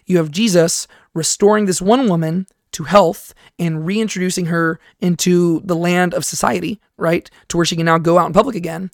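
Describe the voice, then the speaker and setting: A Bible teacher with a gravelly, fry-edged voice walks through a passage in a study lecture. The sound is dry and close, with no room around it. The teacher keeps tagging points with "right?" and breaks off to read verses aloud. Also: medium pitch, steady tone, moderate pace, hardly any pauses, dry recording. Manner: explanatory, keeps checking in with "right?"; reads scripture passages aloud in between.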